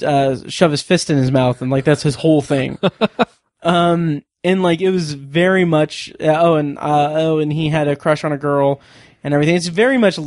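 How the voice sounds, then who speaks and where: Recorded with studio quality and no room sound, a man with a higher, darkish-toned voice co-hosts a podcast. His casual chat rambles, full of fillers and restarts, and he laughs often.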